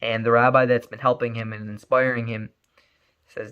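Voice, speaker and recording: A man telling a story in an animated, emphatic way, often repeating words. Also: medium pitch, moderate pace, smooth, lo-fi sound. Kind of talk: spoken storytelling.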